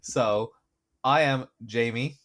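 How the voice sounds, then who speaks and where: A man's voice: medium pitch, slow, a bit bright. A young man co-hosting a podcast in casual, sarcastic chat. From Ireland. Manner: chatty, joking, sarcastic. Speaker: podcast co-host.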